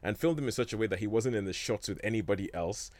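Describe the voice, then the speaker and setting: A man with a lowish voice rambles through a film recap in casual chat, stopping and restarting his sentences. The sound is dry and close, with no room around it. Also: fast, darkish tone, dry recording. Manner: rambling, many fillers and restarts, chuckles often. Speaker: film discussion host. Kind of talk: casual chat about films.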